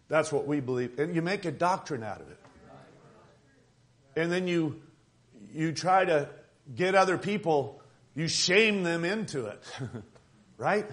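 A man preaching a sermon as pastor, conversational and joking, with quick asides. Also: fairly high pitch, lively intonation, fairly bright tone. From Tucson, Arizona.

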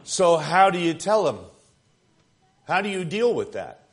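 Male preacher, slightly high-pitched, talks to the congregation plainly and punches key lines hard. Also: very animated, unhurried. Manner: emphatic, conversational preaching with rising and falling intensity. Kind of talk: sermon.

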